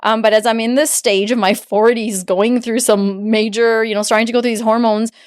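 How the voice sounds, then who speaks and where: Heartfelt woman in her forties, halting. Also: fairly high pitch, level tone, clear, resonant tone. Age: 40s. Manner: halting, heartfelt, searching for words. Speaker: podcast host. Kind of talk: reflective podcast conversation. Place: podcast studio, seated across from guest.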